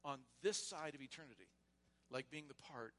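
A man serving as pastor, leading a church membership service in a loose, casual way and then reading vows and creed in a measured voice. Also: mid-range voice, a little hiss or hum. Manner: casual and warm, with frequent restarts; reads liturgy aloud in a measured voice. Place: church sanctuary.

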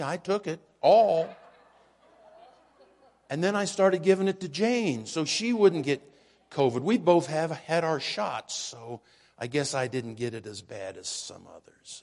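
An older man preaching as pastor, telling jokey stories in a folksy, unhurried way. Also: a little high, creaky, darkish tone. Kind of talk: sermon with casual storytelling. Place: church sanctuary. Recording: church hall with long reverb.

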